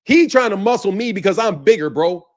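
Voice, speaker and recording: A man hosting a boxing channel, ranting in heated, profane, confrontational bursts and repeating himself as he calls someone out. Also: high voice. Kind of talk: ranting commentary to camera.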